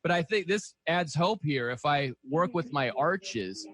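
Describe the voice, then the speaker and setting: Casual, joking sports radio host. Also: male voice, on the high side, lively intonation, unhurried, fairly bright tone, no echo. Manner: casual, jokey questioning. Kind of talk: radio interview.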